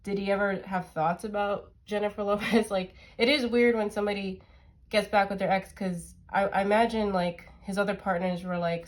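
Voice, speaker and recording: A woman's voice: mid-range voice, flat delivery, a little fast. A woman tarot reader with a stuffy, nasal voice, chatting casually and rambling with lots of fillers as she reads the cards. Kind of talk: casual tarot reading chat.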